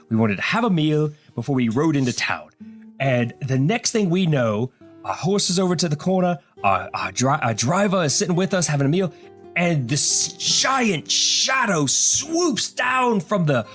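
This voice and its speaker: Eager flattering older guy, high and swooping, a man putting him on. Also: a little slow, soft background music, exaggerated voice. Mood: excited gushing. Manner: breathless, gushing, rambling. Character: excitable fawning older male traveler.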